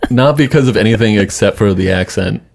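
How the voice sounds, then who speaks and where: A man's voice: fairly low pitch, fairly quick, creaky, a little mellow. A young adult man rambling casually in a film podcast, laughing and swearing now and then. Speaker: podcast co-host.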